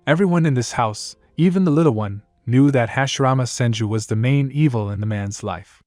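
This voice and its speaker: A man reading a fan-fiction story aloud in a plain, steady narrating voice. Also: medium pitch, fairly quick, few pauses, dry recording, soft background music.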